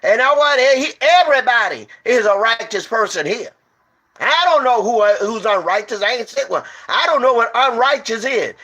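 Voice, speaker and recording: A man preaching informally in a high, bright voice. He tells a story and hammers the same rhetorical questions over and over. He swings between low, quiet asides and loud bursts, and trips over his restarts. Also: expressive, normal speed. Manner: emphatic, repeats rhetorical questions, stumbles and restarts.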